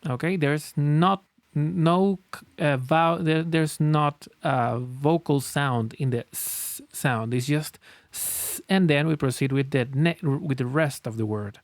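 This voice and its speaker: A man's voice: fairly high pitch, takes it slowly, no room sound. A man teaching phonics, patiently sounding out letters and words for learners to repeat. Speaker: language teacher. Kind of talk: phonics lesson, slow drilled pronunciation. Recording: dry close recording with faint music.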